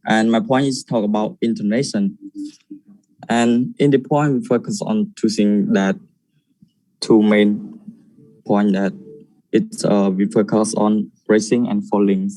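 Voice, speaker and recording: Low, dark-voiced man presenting. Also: steady tone, unhurried, long pauses, no echo, poor audio. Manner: hesitant, searching for words. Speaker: student presenter. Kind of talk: class presentation.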